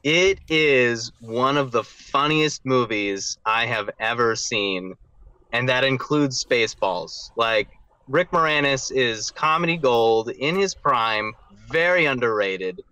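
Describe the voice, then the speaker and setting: A man's voice: mid-range voice, lively intonation, slow pace, sharp tone, clear, resonant tone, dry recording, poor audio. A man who is a guest on a podcast, talking casually and enthusiastically and laughing often.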